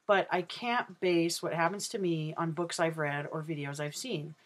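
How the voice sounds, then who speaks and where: A trans man talking casually in a personal video diary, rambling and candid with plenty of ums and uhs. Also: on the high side. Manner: rambling and unhurried, with many ums. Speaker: vlogger.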